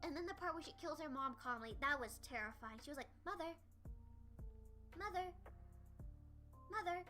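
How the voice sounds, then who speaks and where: A young woman streamer chatting casually about an anime, excitable and prone to squeals and laughter. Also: sits high, fast. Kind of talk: casual anime discussion livestream. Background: faint background music.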